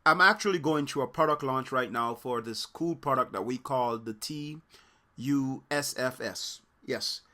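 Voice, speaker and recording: Brief: male soccer coach, casual vlog host, bright tone, lively and rambling delivery. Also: medium pitch, measured pace. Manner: animated, rambling, with many fillers and quoted voices. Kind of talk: casual storytelling to camera.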